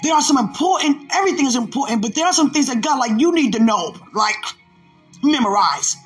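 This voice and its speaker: A woman's voice: sits high, animated, brisk, faint music behind. A woman hosting a devotional podcast, laughing often and talking aloud to God between emphatic, preachy lines. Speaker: podcast host.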